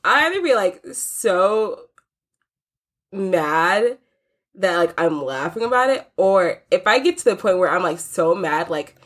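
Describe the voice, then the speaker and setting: A woman's voice: on the low side, animated, unhurried. A young woman co-hosting a casual chat, slangy and profane, laughing as she talks.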